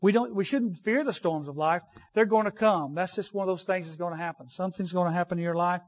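A man's voice: high voice, quick pace. A man preaching a sermon in a conversational way, repeating key phrases for emphasis and turning to folksy asides with the congregation.

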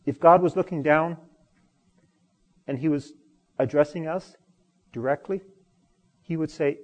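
A man preaching a sermon as pastor, expressive, swinging from loud emphasis to quiet. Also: a little high, unhurried, pauses often, in a large hall.

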